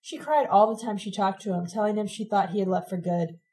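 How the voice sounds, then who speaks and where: Woman narrating an audiobook, mellow, measured and expressive. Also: medium pitch, poor audio. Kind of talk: reading a novel aloud.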